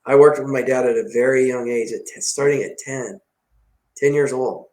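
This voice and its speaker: A man's voice: medium pitch, normal speed. A man who runs a detailing shop, telling stories in casual podcast talk and acting out the dialogue. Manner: animated, acts out dialogue in story. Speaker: detailing shop owner, guest. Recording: roomy echo.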